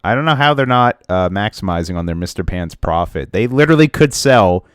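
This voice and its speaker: Young male podcast co-host, deep voice, dry close sound, goofy excitable banter. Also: brisk, smooth, no room sound. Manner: goofy, joking, excitable bursts. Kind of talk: casual chat.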